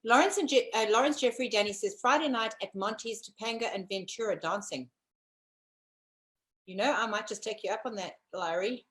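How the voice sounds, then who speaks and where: A woman's voice: fairly high pitch, brisk, fairly bright tone. A woman from South Africa co-hosting a casual live-streamed talk show, chatty and teasing. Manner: chatty, teasing, addresses viewers.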